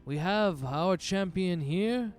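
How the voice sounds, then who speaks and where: A man voicing a showy male arena orator who announces fights to a crowd in grand, drawn-out calls. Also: high voice, lively intonation, soft background music, pitched above the performer's own voice. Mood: hyping the crowd.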